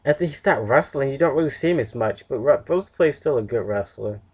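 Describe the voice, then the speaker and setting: A man's voice: mid-range voice, animated, quick pace, a little mellow, slightly rough. A tired young man casually reviewing a wrestling show on his own, rambling with fillers and self-corrections. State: tired, yawning.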